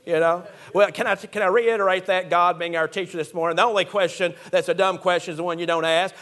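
A preacher with a notably high voice delivers a sermon in a church. He reads scripture aloud and climbs into fervent, shouted peaks when he drives a point home. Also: fairly quick, few pauses.

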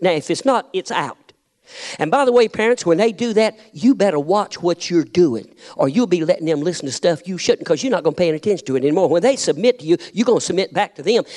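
A middle-aged man, preaching a sermon, telling a family story and building up to shouted challenges. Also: high-pitched.

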